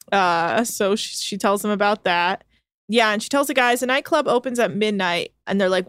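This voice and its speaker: A woman's voice: mid-range voice, animated, normal speed, fairly bright tone, no room sound. Sardonic woman recapping, dry close sound. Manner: sardonic, swears freely, quotes people in offhand voices. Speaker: podcast co-host recapping a reality show. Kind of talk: casual chat. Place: home.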